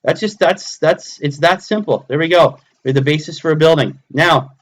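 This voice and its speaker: A man in his thirties with a fairly high voice streams live from his hobby table at home, speaking at a moderate pace. He casually talks himself through each step as he builds.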